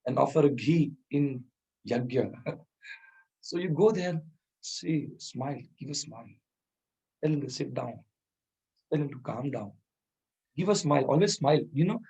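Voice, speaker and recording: Husky man teaching soft skills. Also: a little high, low-quality recording. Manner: chuckles often, Hindi words mixed into English. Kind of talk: informal lecture with storytelling.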